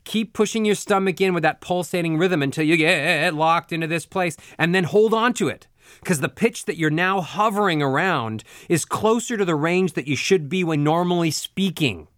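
A man teaching a spoken voice lesson, explaining clearly and giving step-by-step directions in a measured way. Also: fairly high pitch, a bit bright, dry recording, clean studio sound. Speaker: voice coach.

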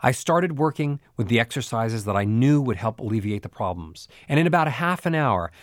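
A man's voice: mid-range voice, animated, a little fast, dry recording. Guy voice coach talking you through a lesson, earnest storyteller, dry close sound. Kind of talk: audio lesson narration.

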